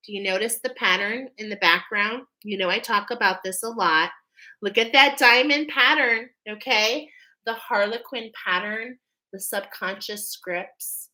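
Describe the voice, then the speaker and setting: Leading a live oracle card reading, a woman speaks unhurriedly in a medium-pitched, bright, forceful voice, emotional and preaching like a spiritual card reader. She stays emphatic and constantly checks in with "okay?", though the audio quality is poor.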